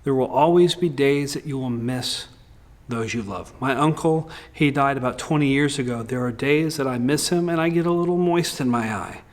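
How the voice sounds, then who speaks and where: A male pastor preaching a sermon in a candid, humorous way with lively swings in delivery. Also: mid-range voice, moderate pace.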